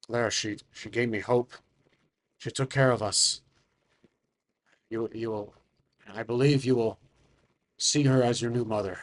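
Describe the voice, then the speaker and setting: A devoted father in a tabletop story, voiced by a man, quiet and earnest. He speaks softly, like someone who has known loss. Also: medium pitch, steady tone, a little slow, long pauses, natural voice. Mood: tender. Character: grieving devoted middle-aged father.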